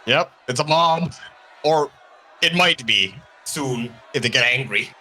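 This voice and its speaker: A man's voice: medium pitch, expressive, a little slow, bright, forceful tone, some chatter behind, slight background noise, poor audio. A man chatting casually as a player in a tabletop game.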